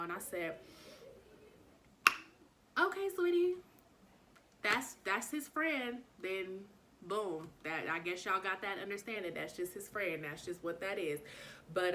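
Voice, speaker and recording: A young woman telling a storytime vlog, frank and swearing freely, acting out every bit of dialogue with big jumps in pitch. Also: a little hiss or hum. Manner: animated retelling, acts out dialogue with pitch jumps.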